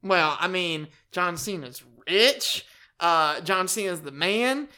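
A man in casual chat, bantering playfully and getting excitable. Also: high-pitched, takes it slowly, clear, resonant tone.

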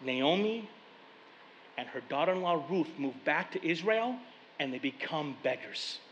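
Pastor, male, somewhat high voice, animated storyteller, long hall reverb. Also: measured pace, dull audio, slight background noise. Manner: animated storytelling, paraphrasing scripture in casual speech. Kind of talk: sermon.

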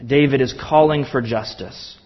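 A man's voice: medium pitch, moderate pace, highs cut off. A man preaching a sermon in church, earnest and impassioned, with emphatic repetition. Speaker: pastor.

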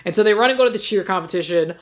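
A young man co-hosting a podcast, retelling a movie in a rambling, animated way with lots of fillers. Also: high-pitched, very fast. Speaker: podcast co-host. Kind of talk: casual movie recap chat.

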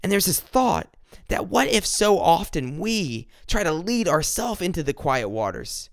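A man from upstate South Carolina, giving an earnest, informal devotional talk that slows down and repeats words when he reads scripture. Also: high-pitched, sing-song, gravelly, dry recording, studio quality. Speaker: devotional speaker.

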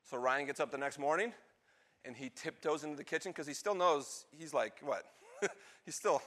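A man preaching, telling a story and acting out the lines of its characters in an animated way. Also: fairly high pitch, normal speed. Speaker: pastor. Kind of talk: sermon storytelling.

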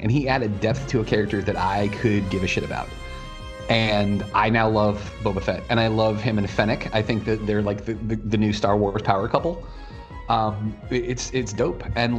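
A man hosting a casual geek podcast, ranting excitedly, swearing freely and laughing often. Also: fairly low pitch. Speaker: podcast host.

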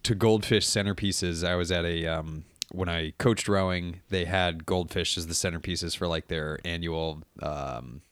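A young adult man in casual chat, telling lively stories and acting out quotes. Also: deep voice, unhurried, hardly any pauses, clean tone, no echo, studio quality. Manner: storytelling, acts out quotes, laughs often.

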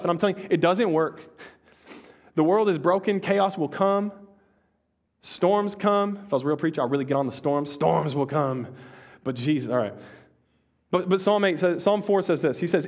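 A high-voiced man gives a relaxed sermon, chatting with slang and frequent restarts. Key lines come out in a slow hush.

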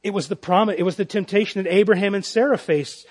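A pastor with a notably high voice preaches through scripture before a church congregation. He presses home his points with repeated, emphatic rhetorical questions. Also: fast talker, few pauses, slightly rough. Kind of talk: expository sermon.

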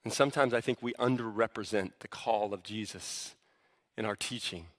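In a large hall with long reverb, a pastor gives a sermon in a fairly low voice at normal speed. His conversational teaching grows into fervent emphasis.

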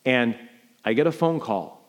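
A middle-aged man from New York preaching a sermon, telling a personal story with sharp swings between loud emphasis and hushed quiet. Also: mid-range voice, animated, unhurried. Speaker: pastor.

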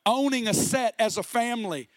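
A middle-aged man preaching a sermon with passion, sometimes rising to a shout. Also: very high voice, moderate pace, no room sound. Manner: impassioned, rising to shouts at peaks.

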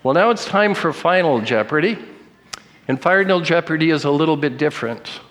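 A middle-aged man giving a sermon as a joking quiz game, slowing down for the passages he reads aloud. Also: fairly high pitch, animated, a bit bright. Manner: joking quiz-master, slows for read quotes. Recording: long hall reverb.

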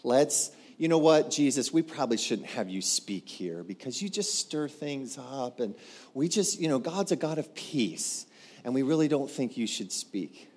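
A preacher voicing a timid church peacekeeper man who hushes everyone in a soft, hesitant way. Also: medium pitch, expressive, measured pace. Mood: placating.

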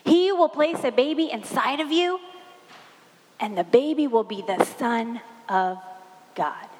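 A woman putting on a slow, solemn angel voice. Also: on the high side, expressive, darkish tone. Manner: slow, grave pronouncements. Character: solemn angel with a big booming voice. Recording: reverberant hall.

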